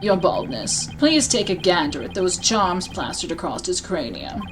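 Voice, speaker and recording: A woman voicing a smug male prosecutor from a courtroom game, in a put-on British accent with a lowered, sneering delivery. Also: big pitch swings, a little slow, music in the background, low-quality recording. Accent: mock British.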